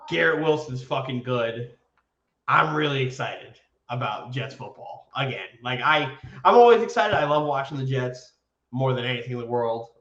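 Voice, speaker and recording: A man co-hosting a podcast, telling sports stories in a casual, excitable way and swearing freely. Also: medium pitch, moderate pace, echoey room, dull audio. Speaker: podcast co-host.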